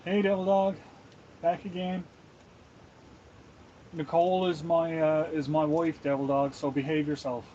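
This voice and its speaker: A man's voice: fairly high pitch, little pitch movement, measured pace, long pauses, mellow, highs cut off, slight background noise. A man from Canada chatting casually on a live stream while he cooks, laughing often and greeting viewers by name.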